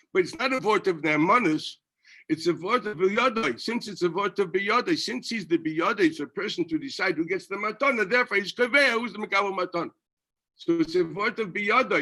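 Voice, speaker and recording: A man delivers a yeshiva Talmud lecture with a high, bright, forceful voice. He is animated, throws out rhetorical questions and restarts his sentences as he pushes through the argument. Give me that rabbi in full teaching mode.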